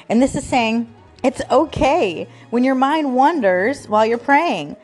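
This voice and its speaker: A woman's voice: sits high, a little slow, darkish tone, faint music behind. A woman in her thirties hosting a casual devotional talk show, chatty, laughing often and full of fillers. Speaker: podcast host.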